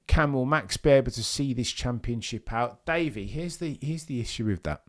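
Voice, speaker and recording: A man's voice: mid-range voice, normal speed, hardly any pauses. A young man hosting a live watchalong stream, chatting casually and answering viewers' messages. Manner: chatty, reads chat messages aloud and answers them. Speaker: livestream host.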